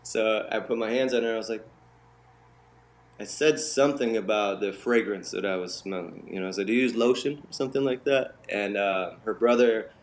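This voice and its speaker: Man, lowish voice, interview guest, storytelling, animated, acts out quotes. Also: moderate pace. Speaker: interview guest, bodywork healer. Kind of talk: storytelling in conversation.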